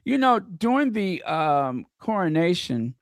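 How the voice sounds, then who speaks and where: A man co-hosting a casual gossip chat, animated and mocking, breaking into impressions. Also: high-pitched, measured pace, no room sound. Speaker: co-host.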